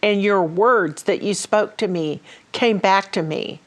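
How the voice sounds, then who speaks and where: A woman's voice: mid-range voice, measured pace. A woman hosting a ministry talk show, telling stories in a casual way with many fillers and restarts. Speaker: host.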